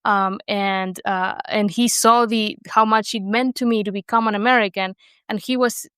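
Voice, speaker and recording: Appearing as an interview guest, this young woman from Argentina, whose first language is Spanish, speaks with an Argentine Spanish accent and tells her story with many fillers and restarts. Her mid-range voice is steady, smooth and a bit bright at a moderate pace, and the recording is dry.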